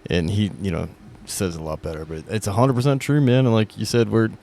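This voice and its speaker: A deep-voiced male podcast host speaks in a flat, gravelly tone. He muses in a rambling way and keeps tossing in "man". Faint noise sits under the recording. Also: fairly quick. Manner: reflective, rambling, says "man" often. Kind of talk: casual podcast conversation.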